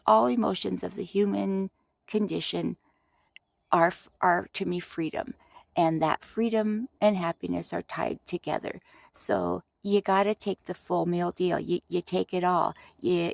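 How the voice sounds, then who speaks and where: A middle-aged woman with a heavily gravelly, fry-laden voice talks off the cuff, rambling and animated with many restarts. The sound is dry and close. She sounds like she is chatting outdoors on her deck. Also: lowish voice, no echo. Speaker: vlogger. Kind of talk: unscripted casual monologue.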